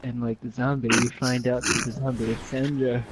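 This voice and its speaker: A man's voice: little pitch movement, a little fast, very noisy. A young man telling a rambling, silly story over gameplay, giggling and acting out the characters in dramatic voices. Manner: giggly, acts out dialogue in squeaky dramatic voices. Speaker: gameplay commentator. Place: at home with parents nearby.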